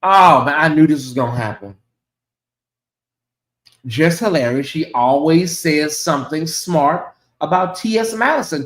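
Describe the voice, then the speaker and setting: A man hosting his own livestream, chatting casually and reacting out loud to messages from viewers. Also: high-pitched, roomy sound, rough recording. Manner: chatty, animated, reacts aloud to comments. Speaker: channel host.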